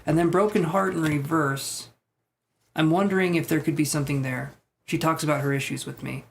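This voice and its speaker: A man giving a live-streamed tarot reading, reading chat messages aloud and thinking aloud in a relaxed, soft-spoken way. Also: fairly high pitch, a little fast, gravelly, slight background noise. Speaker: tarot reader.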